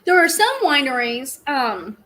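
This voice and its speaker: High-voiced woman chatting casually. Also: very animated, a little slow, bright, forceful tone, rough recording. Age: middle-aged. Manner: chatty, rambling storyteller, laughs often. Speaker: live stream host. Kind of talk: casual live stream chat.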